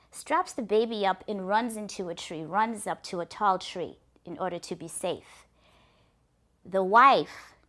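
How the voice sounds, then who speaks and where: Earnest woman storyteller. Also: medium pitch. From Africa. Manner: earnest, lively narration with restarts. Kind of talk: oral folktale telling.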